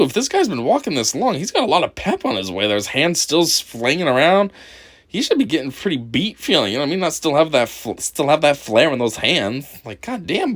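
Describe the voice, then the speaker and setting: A man talks over a video he is reacting to, mocking it in crude terms. His pitch swings all over the place, from low grumbles to sudden high yelps. He keeps breaking into laughter as he goes. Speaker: commentary host. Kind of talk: reaction commentary.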